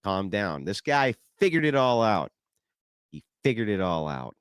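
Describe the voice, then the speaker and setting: A male streamer with a low, gravelly voice that swings widely in pitch as he mocks and swears. His sarcastic commentary sounds dry and close, with no room echo. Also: big pitch swings, normal speed. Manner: mocking, profane and sarcastic. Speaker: streamer host.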